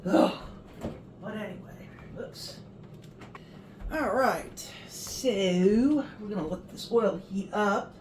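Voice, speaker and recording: A woman's voice: mid-range voice, takes it slowly, noisy background. A middle-aged woman chatting in a folksy way as she cooks in her home kitchen, with reminiscing asides. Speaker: home cooking vlogger. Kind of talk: casual cooking vlog.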